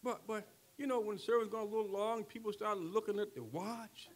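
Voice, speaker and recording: An older man preaching a sermon, who keeps checking in with the congregation and moves from quiet talk to shouting. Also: high voice, a little fast. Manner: call-and-response preaching, swings from soft talk to shouting. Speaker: pastor.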